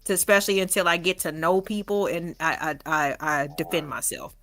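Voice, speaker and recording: A woman's voice: fairly low pitch, fairly even intonation, fairly quick, fairly bright tone, faint music behind. A woman with a Southern American accent hosting a stream, teasing her guest and laughing often. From Southern United States. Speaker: stream host. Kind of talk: casual banter.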